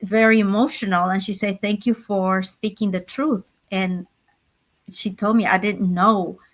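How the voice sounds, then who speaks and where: A woman's voice: mid-range voice, steady tone, measured pace. Earnest woman guest who laughs often. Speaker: speaker and panel guest. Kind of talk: casual chat.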